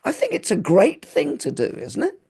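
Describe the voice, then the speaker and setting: A man's voice: very high-pitched, wildly swooping pitch, moderate pace, creaky, dark tone, breathy edge. A man hosting a podcast, musing and inviting agreement with leading questions in casual chat. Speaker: podcast host.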